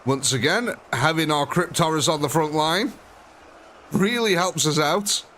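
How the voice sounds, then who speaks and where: A man's voice: fairly high pitch, a little slow, sharp tone, slight background noise. A man commentating a live strategy game, chatty and thinking aloud, often talking straight to the units on screen. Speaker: gaming streamer.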